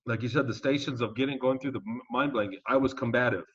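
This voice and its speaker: A man being interviewed as a guest, telling his story in a casual, animated and emphatic way and swearing now and then. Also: mid-range voice, fast, slightly rough. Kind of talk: conversational storytelling. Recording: dull lo-fi audio.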